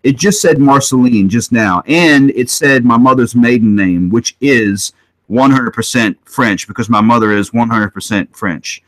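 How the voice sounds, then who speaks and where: A man hosting a paranormal livestream who talks excitedly, repeats himself and questions the spirits. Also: mid-range voice, a little slow, low-quality recording. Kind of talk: live stream commentary during spirit session. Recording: loud background noise.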